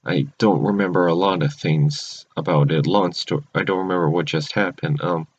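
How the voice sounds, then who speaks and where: A man with a lowish voice giving a casual, rambling recap of cartoon episodes, and he keeps stopping to restart or correct himself. The recording sounds dull and lo-fi. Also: fairly even intonation, moderate pace.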